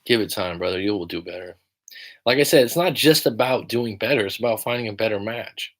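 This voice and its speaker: Blunt, cursing male coach, lowish voice. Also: fairly quick, fairly bright tone. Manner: blunt, profane, emphatic; reads viewer comments aloud. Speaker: relationship coach. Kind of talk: livestream Q&A.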